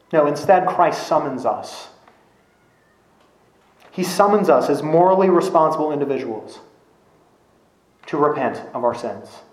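Male preacher, slightly higher voice, earnest and emphatic, echoey room. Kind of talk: sermon.

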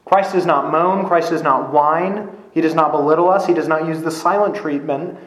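A man delivers a sermon with earnest emphasis, stacking repeated phrases to drive each point home. His voice sits a little on the high side. The room adds a noticeable echo. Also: moderate pace, fairly bright tone. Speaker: preacher. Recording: echoey room.

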